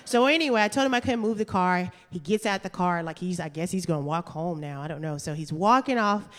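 A woman telling a funny true story on stage, chatty and animated, laughing through her lines. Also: fairly low pitch, brisk. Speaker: storyteller and stand-up comedian. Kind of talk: live comedic storytelling. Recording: reverberant hall.

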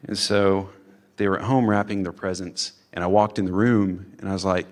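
A man's voice: sits low, steady tone, normal speed. A man, a father, telling a personal story on stage in a casual, chatty way, full of "like" fillers and acted-out quotes. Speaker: storyteller, father of three boys.

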